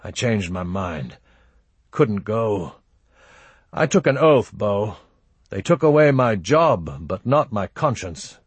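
A man's voice: fairly low pitch, very animated, slow pace, husky, no room sound, exaggerated voice. A man reading aloud and voicing a wounded former lawman who speaks in clipped, short sentences and gasps for breath. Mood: determined. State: gasping from a wound.

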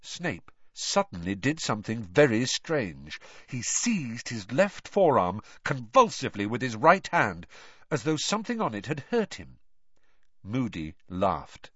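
A man narrating an audiobook in an expressive storytelling read. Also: medium pitch, unhurried, husky, dry recording. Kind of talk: scripted narration. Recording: dry, slightly dull recording.

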